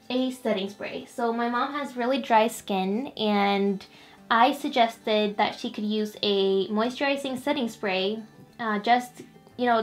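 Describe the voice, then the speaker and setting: A young woman hosting a casual makeup tutorial, chatty and upbeat, talking straight to her viewers. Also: on the high side. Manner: chatty, upbeat, talks to viewers as "you guys". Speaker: beauty vlogger.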